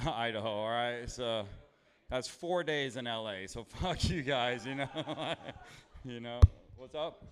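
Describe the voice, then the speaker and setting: Stand-up comic, man, 30s, from LA: crisp, resonant voice at a middle pitch, loose and profane, self-mocking crowd work. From Los Angeles, USA. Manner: rambling, profane, self-deprecating. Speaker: stand-up comedian. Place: comedy club stage with live audience.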